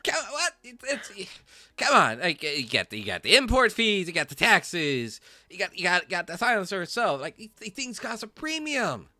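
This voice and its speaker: A man doing a pushy gun shop clerk in a tabletop role-play, hurrying the customer along with quick, stammering sales patter. The voice is pitched well above his own and sounds bright and hard-edged. The recording is close and dry. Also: wildly swooping pitch, no echo, full character voice. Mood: pushy, impatient.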